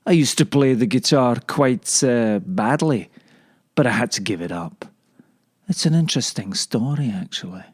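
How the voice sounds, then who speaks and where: A man voicing a rambling old male kale leaf, telling stories in a dry deadpan comic monologue. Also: medium pitch, slightly rough, dry recording. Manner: dry deadpan, drawn-out delivery.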